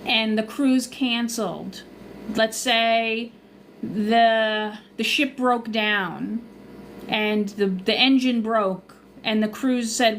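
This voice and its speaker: Chatty Long Island woman, bright pitch. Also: steady tone, slow, slight background noise. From Long Island, New York. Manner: chatty, loses her train of thought. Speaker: travel agent and cruise livestreamer. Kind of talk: casual livestream Q&A.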